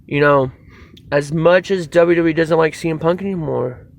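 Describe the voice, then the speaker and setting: A man reviewing a wrestling show in a casual video, excitable and rambling, swearing freely as he goes. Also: a little high, normal speed, gravelly.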